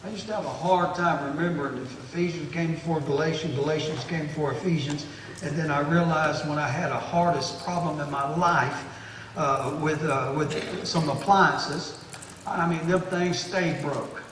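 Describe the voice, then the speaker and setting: A man's voice: fairly high pitch, steady tone, normal speed, a bit bright, a little hiss or hum. A man preaching a sermon in an emphatic, folksy way with homespun humor. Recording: echoey room from far off.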